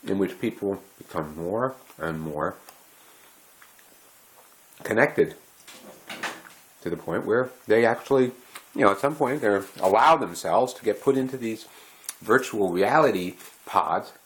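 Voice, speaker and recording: A man's voice: lowish voice, measured pace, long pauses, slight background noise, low-quality recording. A man rambling and thinking aloud in a casual home vlog. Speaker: vlogger.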